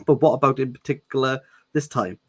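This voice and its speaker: A man's voice: medium pitch, normal speed, breathy edge, no room sound, lightly acted. A man doing a smug teenage boy.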